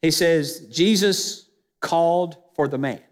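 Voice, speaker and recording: Male pastor, high-pitched and emphatic, preaching with rhetorical questions in a church with a long reverb. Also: takes it slowly. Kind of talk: sermon. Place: church sanctuary.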